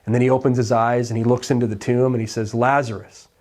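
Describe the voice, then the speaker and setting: A male pastor giving a sermon in a conversational, storytelling way, often dropping to quiet, soft lines. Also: medium pitch, little pitch movement, fast talker.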